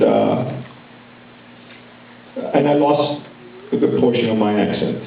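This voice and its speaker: A man's voice: fairly low pitch, gravelly, slight background noise. A man in his fifties speaking at a conference, telling stories in a rambling, conversational way with many restarts. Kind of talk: speech at a university conference. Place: large hall with audience. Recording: echoey hall, distant mic, dull sound.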